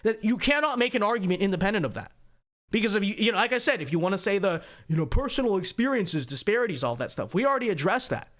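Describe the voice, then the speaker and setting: A man's voice: sits high, expressive, fast talker, fairly bright tone. A man hosting a political commentary livestream, talking in a sarcastic, mocking way with joking asides. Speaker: host.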